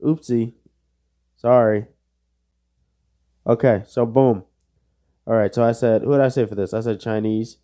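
A man's voice: mid-range voice, steady tone, measured pace, pauses often, warm tone. A young man hosting a casual solo podcast, joking and self-mocking, swearing under his breath while he plays a quiz. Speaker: podcast host.

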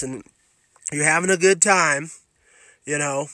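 A man's voice: high-pitched, measured pace, pauses often, sharp tone, no echo. Guy ranting on his podcast, swears a lot, dry close mic sound. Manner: blunt, heavy swearing, emphatic, with restarts. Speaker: podcast host reviewing films. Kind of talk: profane ranting film review.

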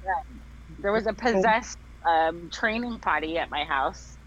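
A man with a slightly high voice tells a story in loose group chat, rambling and swearing, with plenty of fillers. His voice comes through dull and lo-fi. A faint hiss sits under it. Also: expressive, unhurried, a bit bright. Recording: dull lo-fi sound with faint noise.

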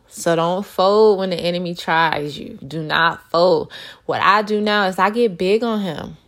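A woman in her thirties giving an earnest, encouraging faith talk to her viewers, acting out little quotes as she goes. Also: lowish voice. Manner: earnest, animated, acts out quotes. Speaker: christian vlogger.

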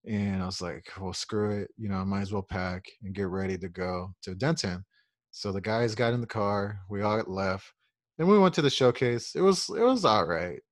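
A man's voice: on the low side, moderate pace, no room sound, studio quality. A young man from Oklahoma, co-hosting a podcast and telling a long, rambling story full of swearing and acted-out quotes. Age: young adult. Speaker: podcast co-host. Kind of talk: casual storytelling.

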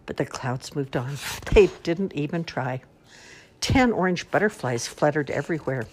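Older lady reading kids' books, low breathy voice, sing-songy, takes her time. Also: measured pace. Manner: sing-song, expressive read-aloud with lively pitch swings. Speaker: storyteller. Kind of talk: reading picture books aloud to a child.

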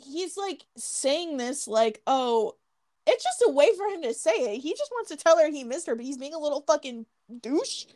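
A woman with a high voice co-hosts a casual fan recap chat. She is blunt and sarcastic, and swears freely as she makes her point. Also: big pitch swings, moderate pace, few pauses, a little mellow. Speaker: podcast co-host.

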